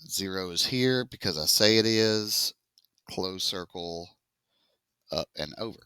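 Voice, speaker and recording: A man's voice: deep voice, lively intonation, unhurried, pushed and bright, clear, resonant tone, dry recording, studio quality. A man teaching a math class, joking with his students as he works through test problems. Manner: casual, joking, talks to students as y'all.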